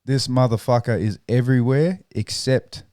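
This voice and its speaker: A man's voice: medium pitch, normal speed, warm tone, dry recording, studio quality. A man hosting a podcast, chatting casually with crude, profane banter. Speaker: podcast host. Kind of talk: casual chat.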